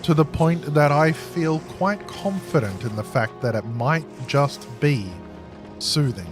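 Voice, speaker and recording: A man streaming a game, chatting casually with viewers in a slow, calm voice that he pitches from the chest. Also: music in the background. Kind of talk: casual live-stream chat.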